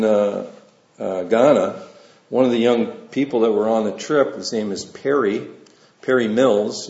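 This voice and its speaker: A man's voice: a little high, vocal fry, a little mellow. A man preaching a sermon in a conversational, folksy way, mixing scripture reading with personal asides. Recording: roomy, slightly dull sound.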